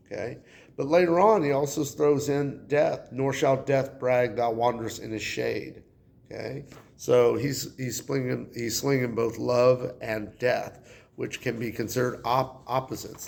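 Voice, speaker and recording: Male English teacher, deep fry in the voice, relaxed classroom explainer. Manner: relaxed, conversational, with fillers. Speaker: high school English teacher.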